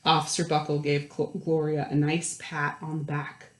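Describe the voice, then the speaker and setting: A woman hosting a children's storytime, reading aloud and chatting to young kids in a bright, lively sing-song manner. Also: low-pitched, moderate pace. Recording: roomy echo with piano. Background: piano.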